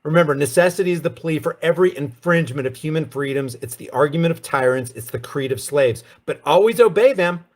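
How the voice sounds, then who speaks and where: Guy with a high voice doing a sarcastic political rant, lots of rhetorical questions. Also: quick pace, hardly any pauses. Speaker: commentary host.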